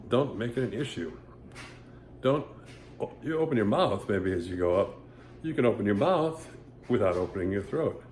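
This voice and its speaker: A man's voice: lowish voice, animated, normal speed, pauses often, a little mellow, slight background noise. A man giving a casual singing lesson, rambling and stopping often to sing short vowel demonstrations. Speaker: voice teacher. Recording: echoey room with faint ambience.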